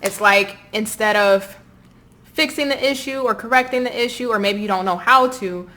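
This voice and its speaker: Southern lady doing a chatty tarot reading, talks right to you, warm and encouraging. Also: medium pitch, normal speed. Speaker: tarot reader.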